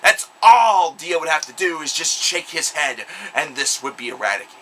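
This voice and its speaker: A man's voice: a little high, lively intonation, fairly quick, bright, forceful tone, a little hiss or hum, low-quality recording. A young man delivering an angry, sarcastic, profanity-laced vlog rant. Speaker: video blogger. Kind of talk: ranting vlog monologue.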